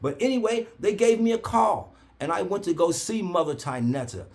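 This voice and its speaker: A man telling an animated story in a preacher-like cadence, acting out quoted voices with big jumps in pitch. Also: moderate pace. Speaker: herbal oil seller.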